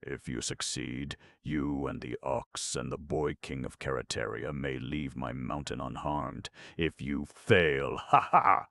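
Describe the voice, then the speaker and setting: A man voicing a heartless male wizard king in a storybook, slow, sneering and mocking. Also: rumbling low, fairly even intonation, vocal fry, no room sound, clean studio sound, full character voice.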